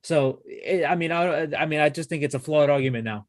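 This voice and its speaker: A man co-hosting a wrestling show in casual chat, excitable and swearing freely, often restarting his sentences. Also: on the high side, a little fast. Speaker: wrestling podcast co-host.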